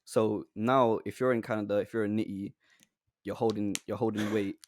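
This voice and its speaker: A man's voice: on the low side, steady tone, normal speed, darkish tone. A man co-hosting a casual podcast chat, slangy and laid-back, often laughing. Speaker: podcast co-host.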